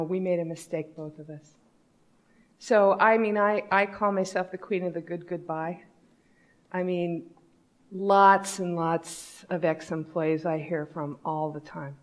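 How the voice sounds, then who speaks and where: A woman giving a conference talk on company culture, speaking bluntly and candidly in a conversational way. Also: on the low side.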